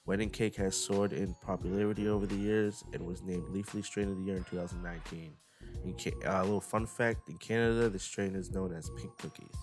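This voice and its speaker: A man with a very deep voice talks casually in a vlog, reading descriptions and tripping over hard words. His tone is laid-back and full of slang, with faint music playing under him. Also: steady tone, a little fast, darkish tone. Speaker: cannabis strain reviewer.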